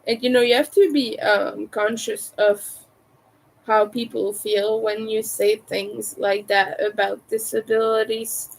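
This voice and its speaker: French-accented woman streamer, unhurried, slightly high voice, crisp T's. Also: darkish tone, rough recording. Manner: carefully overpronounces her T's. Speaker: crochet livestreamer. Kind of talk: casual livestream chat.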